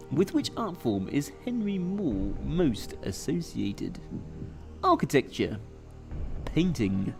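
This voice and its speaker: A man hosting and playing along on a live quiz stream, chatty and rambling with lots of fillers. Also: mid-range voice. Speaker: quiz game host and player. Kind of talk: live-streamed quiz play-through commentary.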